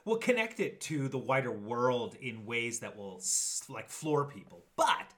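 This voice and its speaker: A middle-aged man co-hosts a podcast in an unhurried, mid-range voice. He tells stories in casual chat, laughing often and acting out the quotes like an animated storyteller.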